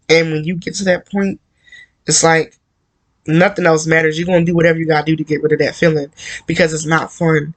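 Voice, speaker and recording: Guy doing a faith talk to camera, kinda high voice, pretty monotone, keeps saying like and you know. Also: fairly quick. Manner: earnest, repetitive, conversational with many "like" and "you know". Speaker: Christian encourager.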